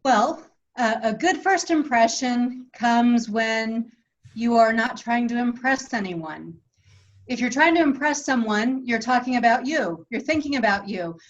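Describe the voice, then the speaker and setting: A woman sales expert giving calm, instructive advice on a panel over a video call. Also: fairly high pitch, a little slow, muffled recording.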